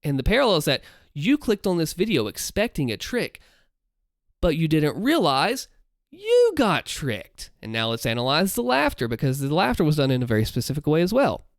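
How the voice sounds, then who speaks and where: Animated man breaking down his voice acting. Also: fairly high pitch, fast talker, creaky, hardly any pauses, no echo, studio quality. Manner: animated, explains with vocal demonstrations; holds back volume late at night. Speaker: content creator explaining his voice work.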